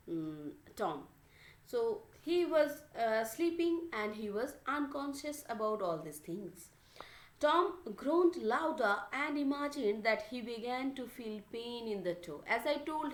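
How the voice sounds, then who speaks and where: Woman teacher reading a story, explaining words, slow and halting, echoey room. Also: fairly high pitch. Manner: halting, many fillers and restarts.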